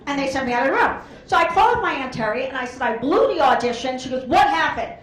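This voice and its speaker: A woman's voice: high voice, animated, fast talker, a bit bright. A woman doing a stand-up comedy set on a club stage, telling brash, rambling stories full of quoted voices. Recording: echoey club room.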